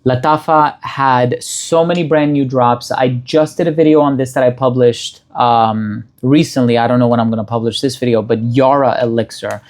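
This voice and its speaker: A man reviewing a fragrance in a casual product-review style, describing scent notes in a measured, appreciative way. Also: medium pitch, steady tone, darkish tone.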